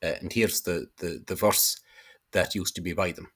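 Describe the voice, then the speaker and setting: A man explaining Irish words and spelling in a hesitant lesson, pausing often on fillers and stressing each Irish word he quotes. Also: deep voice, fairly even intonation. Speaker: Irish language teacher.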